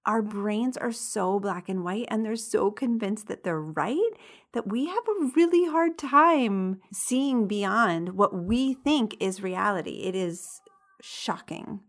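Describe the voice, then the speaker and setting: A woman hosting a podcast, reading listener stories in a casual, giggly, animated way. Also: medium pitch, slow pace. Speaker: podcast host.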